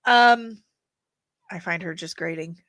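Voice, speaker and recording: A woman's voice: lowish voice, takes it slowly, fairly bright tone, no room sound. A woman hosting a casual commentary show, blunt and sarcastic, swearing freely. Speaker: host.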